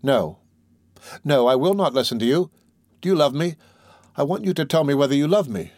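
A man's voice: a little high, animated, a little fast, darkish tone, no room sound, studio quality, pitched above the performer's own voice. A man reading aloud, voicing an innocent, adoring young gypsy girl in a raised, tender voice for an audiobook. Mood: pleading.

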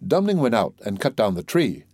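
A man reading a fairy tale aloud in a measured, even way. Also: mid-range voice, no room sound, studio quality. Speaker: narrator. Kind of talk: storybook reading.

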